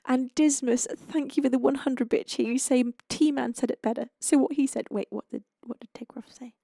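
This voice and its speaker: A woman's voice: sits high, steady tone, moderate pace, gravelly, dry recording, studio quality. A young woman with an English accent, chatting effusively to her live stream viewers as she signs off. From United Kingdom. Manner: bubbly and effusive, with soft laughs and sighs. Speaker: streamer and singer-songwriter.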